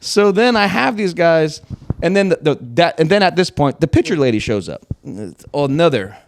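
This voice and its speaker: A man's voice: fairly high pitch, moderate pace, creaky. A young man, a podcast host, telling a casual story with lots of swearing and acted-out quotes. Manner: animated, swearing, acts out quotes.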